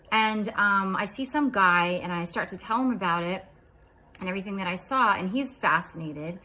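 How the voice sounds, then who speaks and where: A woman in her fifties casually recounting a strange dream, chatty and rambling, dropping into quiet asides. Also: mid-range voice, moderate pace, poor audio. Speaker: vlogger.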